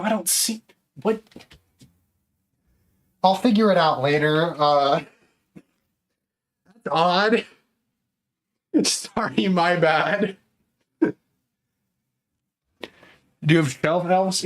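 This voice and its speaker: Man streamer, out of breath mid-workout, slightly high voice, unhurried delivery. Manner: chatty, counting exercise reps aloud. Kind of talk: casual live-stream chat.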